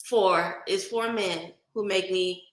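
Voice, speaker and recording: A woman's voice: medium pitch, steady tone, slow pace, roomy sound, rough recording. A woman from Oakland with a light Bay Area accent, chatting casually with viewers on a livestream and greeting them by name. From Oakland, California. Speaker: livestream host.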